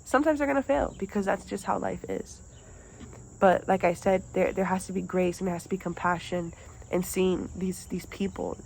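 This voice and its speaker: Earnest young woman with a gravelly low voice. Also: darkish tone, low-quality recording. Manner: earnest, halting with restarts. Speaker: student presenter. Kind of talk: retelling a parable, then reflecting.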